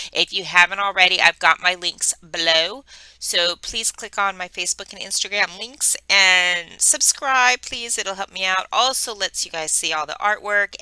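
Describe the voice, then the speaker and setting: A middle-aged woman chatting casually at home as a crafting vlogger, rambling and filling pauses with ums. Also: lowish voice, pushed and bright, clear, resonant tone, no echo, low-quality recording. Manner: chatty and rambling, many fillers. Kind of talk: casual chat.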